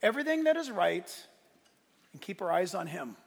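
A pastor preaches a sermon hard in a church sanctuary, his gravelly, high voice swinging widely in pitch at normal speed. His impassioned delivery rises and falls in force, with the long reverb of a large hall around him.

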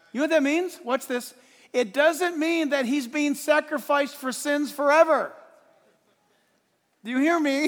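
A man preaching a sermon as pastor, emphatic and swinging from hushed asides to shouted points, with a stage microphone in a church sanctuary. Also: very high-pitched, creaky. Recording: long hall reverb.

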